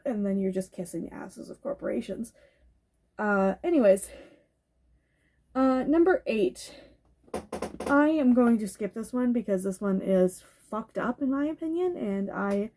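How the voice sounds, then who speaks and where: A woman's voice: medium pitch, vocal fry, dark tone. A woman talking candidly in a casual tag video at home, swearing freely and getting heated at times. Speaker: goth YouTuber. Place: home bedroom with a cat nearby.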